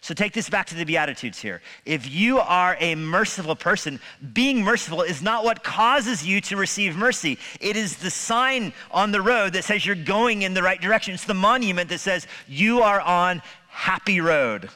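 Male pastor, sermon, conversational with humor, bright voice, long church reverb. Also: high voice, animated, normal speed, hardly any pauses. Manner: conversational preaching with humor and rhetorical questions. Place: church sanctuary.

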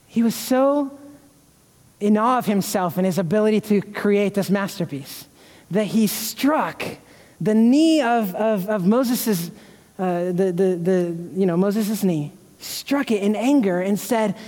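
High-voiced preaching man in a reverberant church. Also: dark tone. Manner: earnest, emotional preaching with repeated restarts. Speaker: pastor. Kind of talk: sermon. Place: church sanctuary.

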